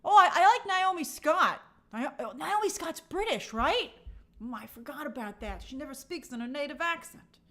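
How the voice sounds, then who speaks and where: A woman's voice: high voice, expressive, normal speed, a bit bright. A woman hosting a live movie news stream, chatting and reading viewer comments with frequent restarts and opinionated asides.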